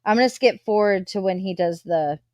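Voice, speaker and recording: A woman's voice: mid-range voice, fairly quick, darkish tone, no room sound, studio quality. A woman hosting a casual live stream, talking straight to her viewers. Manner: chatty, talks to her viewers. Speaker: livestream host.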